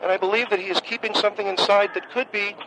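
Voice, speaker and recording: A man voicing an awkward, obsessive male caller on a comedic radio call-in sketch, who talks in a monotone and keeps repeating the same catchphrase. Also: sits high, fast talker, vocal fry, background noise, voice pushed up. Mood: droning.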